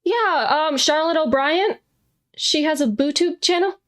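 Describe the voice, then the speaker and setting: A woman's voice: sits high, lively intonation, measured pace, a bit bright. A young woman playing a tabletop game, talking casually and giggling often. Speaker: player. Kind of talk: casual tabletop role-play.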